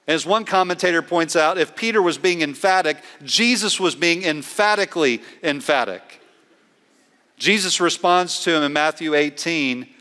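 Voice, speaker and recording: A man preaching a sermon as a pastor, earnest and emphatic, slowing down to stress key words. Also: a little high, bright, forceful tone, in a large hall.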